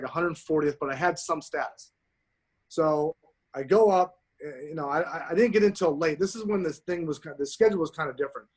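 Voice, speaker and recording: A man in his forties, a pro golfer telling profane, animated stories as a podcast guest. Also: fairly high pitch. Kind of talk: casual storytelling.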